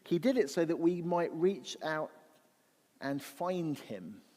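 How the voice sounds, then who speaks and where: Speaking slowly in a church hall's long reverb, a guest speaker delivers an apologetics talk to the audience, reflective and conversational, restarting sentences and posing rhetorical questions. His voice runs on the high side, animated, with a darkish tone.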